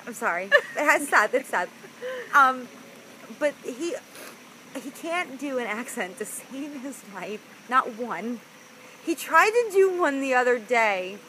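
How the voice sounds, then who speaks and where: Bright-voiced chatty woman podcaster. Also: high voice, big pitch swings, slow, a little hiss or hum, low-quality recording. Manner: chatty, laughs often, fillers like "like". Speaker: podcast co-host. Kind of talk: casual chat.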